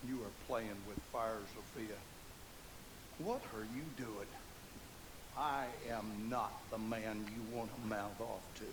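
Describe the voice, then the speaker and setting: A man's voice: lowish voice, steady tone, slow pace, background noise. An actor playing a brutal, bigoted American father with a Southern accent, talking in menacing, growling threats.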